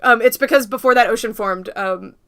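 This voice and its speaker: A woman's voice: a little high, brisk, sharp tone. A young woman from the United States hosting a casual livestream, rambling and laughing often as she talks to viewers. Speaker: livestream host.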